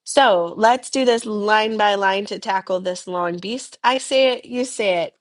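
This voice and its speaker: Young woman teacher doing repeat after me french drills, patient and chatty, says the phrases real slow and clear. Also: mid-range voice. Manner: chatty, patient explanations in English. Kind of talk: recorded language lesson, repeat-after-me drills.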